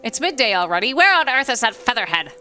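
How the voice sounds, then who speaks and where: A woman voicing a fussy young male sparrow assistant in a game, brisk and teasing. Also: fairly high pitch, big pitch swings, sharp tone, faint music behind.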